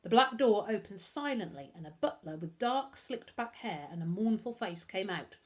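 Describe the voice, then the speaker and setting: An English woman, a primary school teacher, reads a children's novel aloud chapter by chapter. Her storytelling is expressive and animated, with wide, lively swings in pitch. Her voice sits at an ordinary middle pitch for a woman. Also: normal speed. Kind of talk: reading a children's book aloud.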